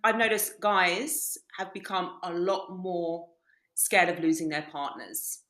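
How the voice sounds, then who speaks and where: In an echoey room, a woman speaks slowly in a lowish, fairly bright voice. She's a dating coach guesting on a casual podcast, telling stories bluntly with lots of swearing and laughter.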